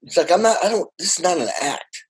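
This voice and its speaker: A man's voice: high-pitched, expressive, fast talker, husky, rough recording. An older man, a drummer, telling stories in an interview with energy and enthusiasm, often restarting and repeating words. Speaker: guest drummer. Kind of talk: animated storytelling in casual interview.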